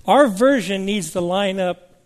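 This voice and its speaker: A man with a high-pitched voice delivers a sermon to his congregation. He keeps it conversational and often checks in with the room by asking questions. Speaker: preacher. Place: church service before a congregation.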